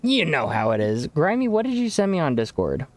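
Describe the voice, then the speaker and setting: A man's voice: fairly high pitch, sing-song, fairly quick. A young man chatting casually to viewers on a game stream, laid-back and rambling, calling people bro. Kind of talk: casual live-stream chat while gaming.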